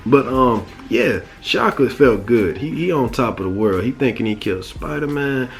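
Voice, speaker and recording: A man's voice: mid-range voice, expressive, normal speed, heavy background noise. A man casually recapping a cartoon episode as a reviewer, rambling in profane slang. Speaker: show reviewer.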